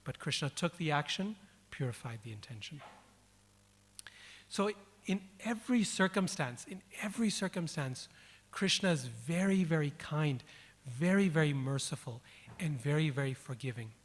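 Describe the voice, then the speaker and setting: A man's voice: on the high side, animated, normal speed, slightly rough. A man giving a devotional lecture at an event, telling a personal story and repeating words for emphasis. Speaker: speaker. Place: event hall. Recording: long hall reverb.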